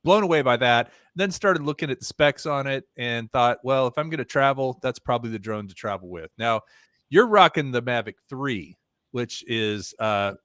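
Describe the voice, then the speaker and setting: A man guesting on a livestream, telling stories in a relaxed, conversational way. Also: mid-range voice, normal speed, dry recording, clean studio sound. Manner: relaxed storyteller, easygoing and conversational. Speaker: guest drone pilot. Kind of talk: casual interview chat.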